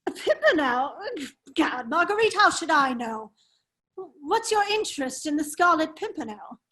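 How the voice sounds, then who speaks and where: A woman's voice: high-pitched, big pitch swings, moderate pace, pushed and bright, heavily acted. A woman reading the part of a foppish, giggling English aristocrat at a virtual table read of a radio play, with affected, silly laughter. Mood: mocking. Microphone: video call.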